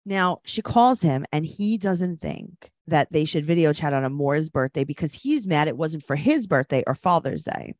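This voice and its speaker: A woman's voice: deep voice, lively intonation, normal speed, few pauses, a little mellow, no room sound. A woman co-hosting a podcast, recapping a TV show in casual chat and often mocking the people she talks about in put-on voices. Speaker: podcast co-host.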